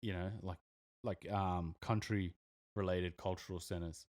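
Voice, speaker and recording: A man's voice: low-pitched, steady tone, unhurried, darkish tone. A young Australian man co-hosting a podcast, talking casually with lots of fillers and restarts. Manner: rambling, many fillers and restarts. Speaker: podcast co-host. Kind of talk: casual chat.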